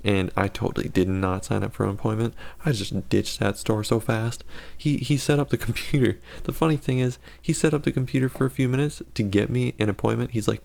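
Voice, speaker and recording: A man's voice: fairly low pitch, brisk, gravelly, darkish tone. A man giving casual gameplay commentary and telling a story, rambling and correcting himself with sarcastic asides.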